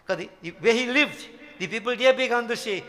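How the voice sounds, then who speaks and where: A man's voice: extremely high pitch, brisk, bright, forceful tone. An older man gives a devotional sermon, emphatic and full of rhetorical questions to his devotees. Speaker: Hindu spiritual teacher.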